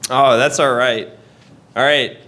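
A young man teaching a church class in a conversational way, pausing and correcting himself as he goes. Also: mid-range voice, fairly even intonation, sharp tone. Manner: conversational, with pauses and restarts. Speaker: Sunday school teacher.

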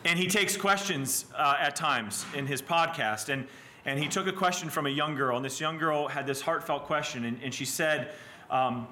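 A man's voice: fairly high pitch, moderate pace, bright, forceful tone, a little hiss or hum. A male pastor preaching a sermon in a church, earnest and emphatic, pressing his points with rhetorical questions.

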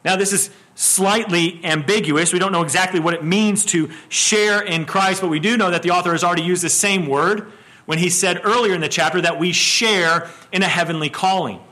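A man's voice: high-pitched, normal speed, bright, forceful tone. A middle-aged male pastor preaching an expository sermon, often repeating words as he starts a phrase and asking the congregation questions.

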